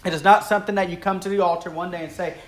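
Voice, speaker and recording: A man preaching a sermon, telling a story earnestly and swinging between rising intensity and hushed, quiet stretches. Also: steady tone, rapid-fire. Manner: earnest, builds in intensity and then drops low and quiet.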